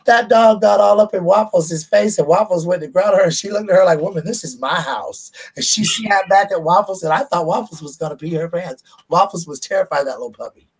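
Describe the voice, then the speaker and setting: A man's voice: on the high side, breathy edge, rough recording. A man, casually telling stories on his vlog and laughing at them. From United States. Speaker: vlogger. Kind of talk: casual storytelling.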